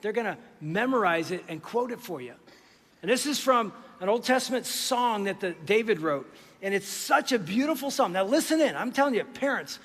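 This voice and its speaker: A high-voiced man preaches to a large church, telling his story with animated energy. His voice rings through a long hall reverb. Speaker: pastor. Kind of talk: sermon storytelling.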